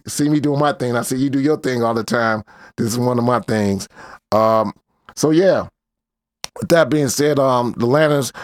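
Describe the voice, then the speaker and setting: A man's voice: medium pitch, no room sound, clean studio sound. A man hosting a casual commentary show, talking in a loose slangy way with lots of fillers. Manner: laid-back slangy rambling, many fillers. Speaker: host.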